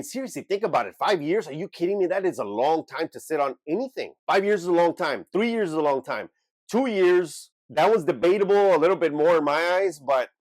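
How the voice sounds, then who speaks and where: A man's voice: on the high side, no echo. A man hosting his own unscripted vlog about reselling, blunt and emphatic as he speaks straight to viewers. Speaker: eBay reseller and channel host. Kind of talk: unscripted talking-head vlog.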